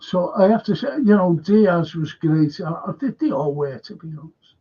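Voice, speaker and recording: In an animated, slightly rough high voice at a moderate pace, an older man reads viewers' comments aloud during a live fan stream and chats back in reply. The stream audio is dull and lo-fi.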